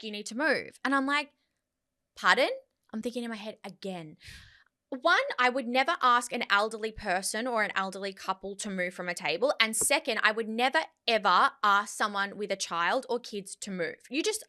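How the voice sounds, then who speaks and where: A woman in her thirties with an Australian accent, telling an animated, indignant story as a podcast co-host in casual chat. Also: fairly high pitch.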